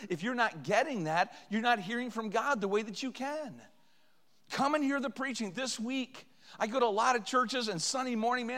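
A man's voice: sits high, sharp tone, big-room sound. A man preaching a revival sermon in a church. He speaks with passion and acts out pleading prayers, his voice climbing as they build. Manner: impassioned, acts out pleading prayers with rising volume. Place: church sanctuary.

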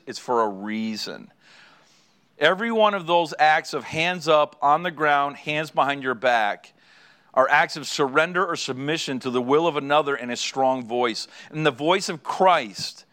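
A middle-aged male pastor delivers a storytelling sermon in a bright, slightly raised voice. He is animated and slips into the voices of the people in his anecdote. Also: a little high.

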